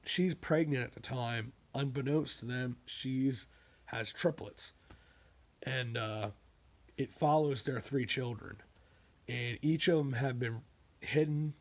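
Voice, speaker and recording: A man talks casually about his own books in a spoken monologue, drifting into side stories and asides. His voice sits at an ordinary middle pitch, and his manner is rambling and digressive.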